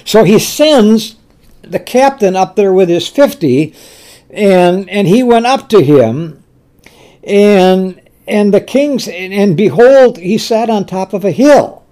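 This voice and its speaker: A man's voice: high voice, lively intonation, takes it slowly, dark tone. A man preaching a sermon, retelling scripture with frequent restarts and repeated words, and voicing the king with rising anger.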